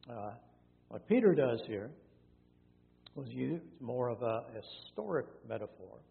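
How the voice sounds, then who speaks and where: A man's voice: medium pitch, sing-song, a little slow, creaky. A male pastor teaching through a Bible passage in a conversational way, with many fillers and self-corrections. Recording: tinny phone-like sound in a reverberant hall with faint hum.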